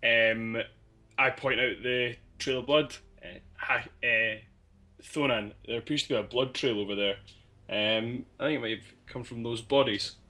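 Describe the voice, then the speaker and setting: A man playing a tabletop game, speaking in a measured, dry way with many hedges. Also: medium pitch, fairly even intonation, bright, forceful tone. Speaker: player. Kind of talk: casual in-character game talk.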